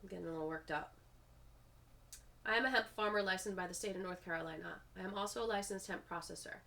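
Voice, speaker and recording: A woman's voice: lowish voice, quick pace, creaky, pushed and bright. A woman hosting a video, reading public comments aloud and breaking off with frustrated asides of her own.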